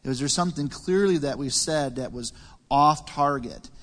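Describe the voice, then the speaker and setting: A man leads a church panel discussion, talking in a plain, measured way and keeping the questions moving. His voice sits in the middle range for a man. It carries a long reverb, as if from a large hall. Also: medium pitch, a bit bright. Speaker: panel host.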